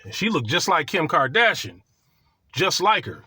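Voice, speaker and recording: Man, casual storytime, profane and boastful, raised pitch, dry close sound. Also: very animated, normal speed, pushed and bright, slightly rough, no room sound.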